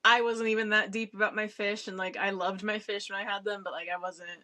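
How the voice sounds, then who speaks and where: A woman's voice: mid-range voice, level tone, brisk, pushed and bright. A woman co-hosting a podcast, adding chatty asides about a book. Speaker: podcast co-host. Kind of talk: casual book chat.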